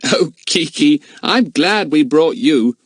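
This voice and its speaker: A man's voice: on the high side, animated, slow pace, no echo, pitched above the performer's own voice. Jack, a man voicing a sensible young boy. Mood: fond.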